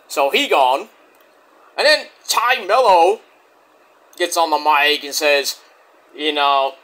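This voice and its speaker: Guy ranting casually bout wrestling, swears a lot, pitch jumping all over. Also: a little slow, pauses often. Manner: profane, rambling, animated. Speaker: wrestling show reviewer. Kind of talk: casual rambling review.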